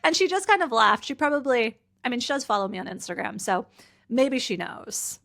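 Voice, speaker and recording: A bright, fairly quick voice on the high side, animated and touched with vocal fry, belongs to a Canadian podcast host who is also a personal brand coach. Solo and casual, she chats with constant "like" fillers, sounding tired and a bit weepy while laughing through tears.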